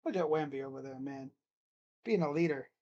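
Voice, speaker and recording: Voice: mid-range voice, dark tone, muffled recording. Rambling live game-reaction streamer. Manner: rambling, joking, talks to himself between plays; drawn-out play calls during game action. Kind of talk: casual live play-by-play reaction.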